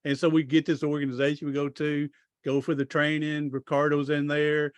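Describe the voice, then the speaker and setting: A man's voice: a little high, flat delivery, brisk, dry recording. A middle-aged man, a podcast guest telling long stories in a rambling, folksy way, often restarting his sentences. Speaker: podcast guest, author and speaker. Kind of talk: casual storytelling interview.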